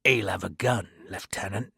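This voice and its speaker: A man's voice: fairly low pitch, normal speed, vocal fry, pushed and bright, husky, dry recording, clean studio sound, voice pushed down, full character voice. A male narrator voicing a big, blunt servant who speaks coarsely and earnestly. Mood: gruff, earnest. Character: rough, blunt London servant and brawler, man.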